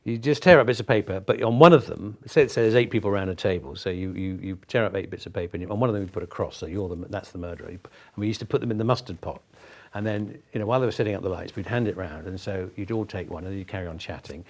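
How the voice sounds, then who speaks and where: A man from Britain, an actor being interviewed, telling witty, warm anecdotes with frequent restarts. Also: deep voice, very fast.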